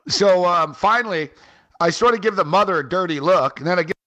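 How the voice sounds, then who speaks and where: Male co-host, animated rambling storyteller, bright forceful voice, a bit high. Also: fairly quick, highs cut off. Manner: animated, rambling, frequent "like" and "man". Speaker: fantasy sports radio co-host. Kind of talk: casual storytelling chat. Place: on a trip in Halifax.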